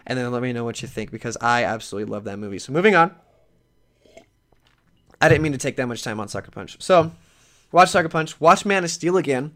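A man's voice: mid-range voice, lively intonation, fairly quick, long pauses, fairly bright tone. A young man hosting his own podcast, talking casually in an earnest, rambling way with frequent restarts. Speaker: podcast host. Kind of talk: casual solo podcast talk.

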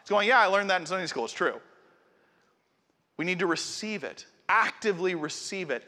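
A man's voice: on the high side, sharp tone. A middle-aged man preaching a sermon in a conversational, earnest way, speaking directly to his congregation. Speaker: pastor. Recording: long hall reverb.

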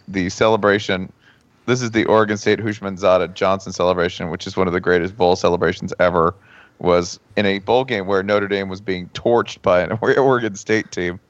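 A man with a fairly low voice trades wry jokes in casual podcast chat, now and then slipping into mock quotes. The sound is dry and close, a bit dull and muffled. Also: no echo. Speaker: podcast co-host.

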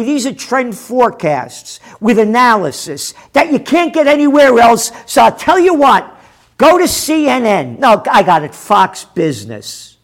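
High-pitched, ranting male show host. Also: huge pitch swings, a little slow. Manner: combative, profane, loud bursts of shouting. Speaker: host of a trend forecasting show. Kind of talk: ranting commentary.

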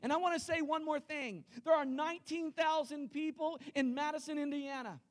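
A man's voice: very high-pitched, fairly even intonation, normal speed. A pastor preaching a sermon in a church, emphatic and rallying his congregation directly. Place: church sanctuary.

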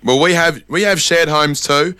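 Deadpan man hosting a comedy chat. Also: on the high side, normal speed, smooth, dry recording. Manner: dry, deadpan, rambling. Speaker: podcast host.

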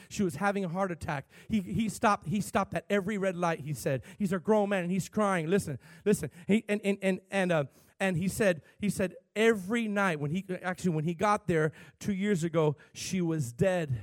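A man, a pastor, preaching a sermon, swinging from shouted, fervent peaks to quiet, hushed storytelling. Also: sits high, normal speed, hardly any pauses, no room sound.

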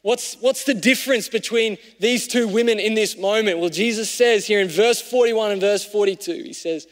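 High-voiced male pastor in a reverberant hall. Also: normal speed. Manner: conversational, shifting between raised emphasis and hushed reflection. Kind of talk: sermon.

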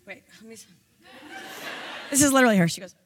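A woman on stage at a live event tells a comic story in an animated, profane way. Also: on the high side, quick pace, a little hiss or hum. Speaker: comedy writer and actress, guest.

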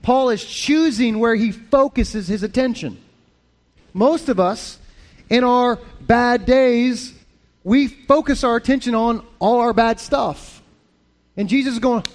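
Animated high-voiced male pastor preaching. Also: slow. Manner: animated, conversational preaching with restarts. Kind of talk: sermon.

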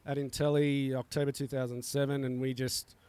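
A man's voice: mid-range voice, level tone, fairly quick, darkish tone, clear, resonant tone. A middle-aged man, a coffee roaster, talking in a laid-back way with frequent chuckles and fillers on a casual podcast recorded outdoors.

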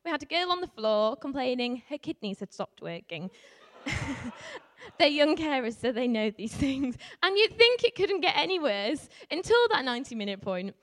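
A woman from Yorkshire without a strong accent, telling a story to a live audience as a youth worker, animated, with laughs and many ums. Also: high-pitched. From Yorkshire, England. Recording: reverberant hall.

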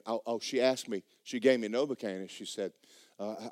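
A man preaching a sermon in church, jumping between loud, high shouts and low muttered asides, mimicking skeptics as he tells stories. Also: steady tone, brisk, dry recording, studio quality. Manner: storytelling, mimics skeptics mockingly. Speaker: pastor.

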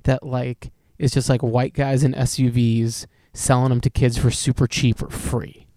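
A man rambling through a casual podcast chat, stacking up "like" and laughing at himself. His pitch sits in the middle of the range and the recording is dry and close. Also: flat delivery, normal speed, warm tone, no room sound. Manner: rambling, lots of "like", laughs often. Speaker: podcast co-host, musician.

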